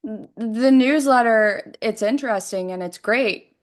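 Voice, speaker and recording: A woman's voice: a little high, takes it slowly. Matter-of-fact woman guest on a podcast. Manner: brief, matter-of-fact replies. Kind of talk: casual podcast chat.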